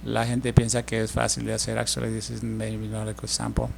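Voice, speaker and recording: A middle-aged man giving a casual spoken language lesson, explaining slowly with many fillers and restarts. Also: lowish voice, monotone, gravelly, a little hiss or hum. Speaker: language teacher.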